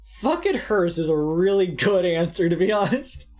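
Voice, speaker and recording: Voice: mid-range voice, lively intonation, normal speed, a little mellow, soft background music. A streamer giving casual, rambling, sarcastic commentary while playing a game, swearing freely. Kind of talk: casual let's-play commentary.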